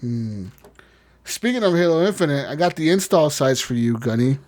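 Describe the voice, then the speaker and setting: A man's voice: fairly high pitch, animated, normal speed, darkish tone. A man co-hosting a casual gaming podcast, swearing freely and joking through rambling rants. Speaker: podcast co-host.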